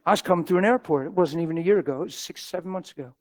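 Animated, folksy middle-aged preacher man. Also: high voice, racing. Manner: folksy, animated, acts out the people in his stories. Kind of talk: storytelling sermon.

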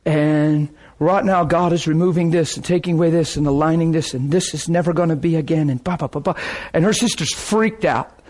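A man preaching a sermon, telling a testimony story with excitement, laughing often and repeating phrases. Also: a little high, brisk.

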